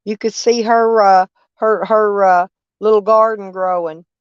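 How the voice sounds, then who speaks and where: A woman's voice: medium pitch, fairly even intonation, unhurried, clean tone, no echo. An older woman, chatting casually with live-stream viewers in a rambling, folksy, blunt way with frequent swearing. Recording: dull, dry lo-fi stream audio.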